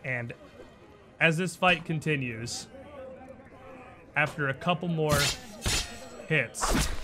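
A man narrating scenes as game master of a tabletop role-playing game, descriptive and unhurried. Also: mid-range voice, sharp tone, a little hiss or hum.

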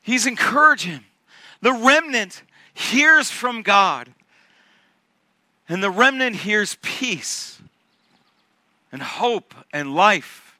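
A man preaching a sermon who speaks emphatically and swings from hushed whispers to near-shouts. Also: high voice, animated, very slow, pauses often, dry recording. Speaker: pastor.

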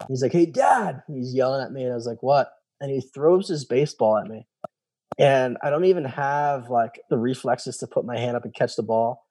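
A man in his thirties tells his story in a casual interview. His voice is mellow and warm, and he acts out the people he quotes. He swears casually as he talks. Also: medium pitch, fairly even intonation, fairly quick. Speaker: guest, former special operations soldier.

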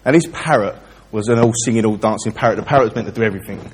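A man's voice: fairly low pitch, racing, slightly rough, in a large hall. A man preaching a chatty, direct sermon in a church and speaking straight to the listeners. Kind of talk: informal sermon with a joke.

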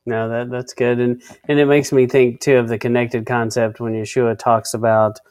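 A man's voice: mid-range voice, flat delivery, moderate pace, darkish tone, clear, resonant tone, dry recording. A man co-hosting a casual Bible-study discussion, often restarting his sentences and reading out word definitions. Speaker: co-host of a faith discussion.

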